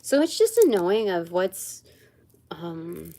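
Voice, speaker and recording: Woman, tarot reader, live stream, low voice, very slow, meandering, lots of pauses and fillers. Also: sing-song, warm tone. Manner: searches aloud for words. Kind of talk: livestreamed spiritual card reading.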